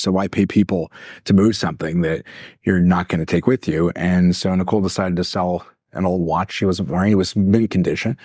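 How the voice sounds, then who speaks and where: A man co-hosting a podcast as a life coach, telling a long story in an animated way, acting out voices and laughing often. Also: low voice, breathy edge, no room sound, clean studio sound. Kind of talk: casual storytelling chat.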